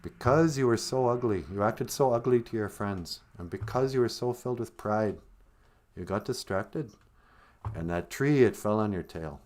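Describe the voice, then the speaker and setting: A man voicing a wise, fatherly spirit who explains a lesson patiently, in a fairly low voice. It is close to his everyday voice but lively in pitch. It fits a spoken fable. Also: normal speed, lightly acted. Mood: instructive. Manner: patient, instructive.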